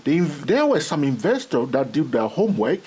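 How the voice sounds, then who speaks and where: Animated husky man teaching trading. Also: fairly high pitch, moderate pace. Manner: repeats "all right?" and "okay?" constantly, laughs often; animated, gets excited about his subject. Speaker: trading educator. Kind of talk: excitable teaching monologue.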